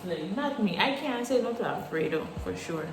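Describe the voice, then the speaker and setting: A young woman vlogger chatting casually while washing her hair, animated, laughing often and swearing freely. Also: medium pitch, normal speed. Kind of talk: casual chat. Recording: echoey room with faint music.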